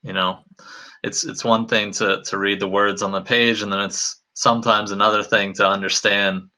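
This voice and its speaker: A man co-hosting a casual online talk, speaking in a hesitant, measured way. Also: on the low side, little pitch movement, sharp tone.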